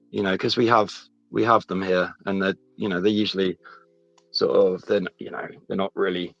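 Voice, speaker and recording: A low-voiced man rambles through a personal story, stopping and restarting mid-sentence. The sound is dull and lo-fi, dry, with faint music underneath. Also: fairly even intonation, gravelly, a bit bright, no room sound. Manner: rambling, halting, many restarts. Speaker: guest. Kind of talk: casual chat, personal story.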